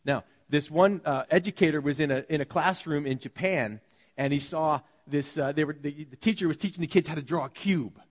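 A man preaching a sermon to his congregation, telling stories in an animated way and acting out the voices of the people in them. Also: on the high side, a little fast. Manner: animated storytelling, acts out quoted voices. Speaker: pastor. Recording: long hall reverb.

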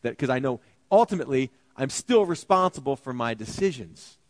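Animated male preacher, dry close sound. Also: brisk, no echo. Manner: animated, acts out biblical characters with shifting pitch and volume. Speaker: pastor. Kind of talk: sermon.

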